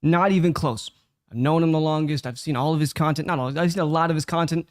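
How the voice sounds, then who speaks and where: A man with a slightly high voice gives direct, instructive feedback as a judge. His voice sits dry and close to the mic. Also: fairly even intonation, quick pace, dry recording. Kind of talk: critique.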